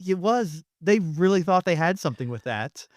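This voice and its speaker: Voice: mid-range voice, animated, moderate pace, no echo, clean studio sound. Chatty, laughing podcast voice. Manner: chatty, laughs often, hedging. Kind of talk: casual chat.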